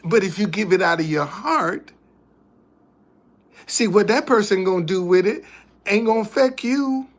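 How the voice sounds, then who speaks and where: A man's voice: sits high, lively intonation, moderate pace, pauses often. A man hosting a casual livestream, speaking in an emphatic, preachy way that keeps repeating its points. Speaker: livestream host.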